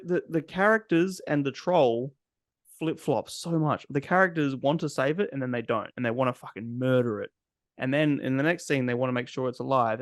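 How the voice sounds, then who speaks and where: A man's voice: medium pitch, no echo, clean studio sound. A man co-hosting a casual movie podcast, ranting at length with frequent swearing. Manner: ranting, profane, animated. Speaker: podcast co-host. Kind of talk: casual chat.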